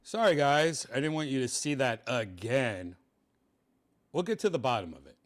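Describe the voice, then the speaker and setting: A man hosting a stream, talking in a deadpan way that trails off quietly. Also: medium pitch, moderate pace. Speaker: streamer host. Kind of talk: casual streaming chat.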